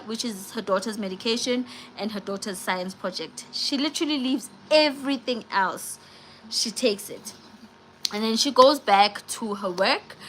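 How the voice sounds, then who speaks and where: A woman chatting on a live stream, retelling a film's plot with animated slang-filled storytelling. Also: fairly high pitch, slight background noise, low-quality recording. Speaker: vlogger doing a live movie review.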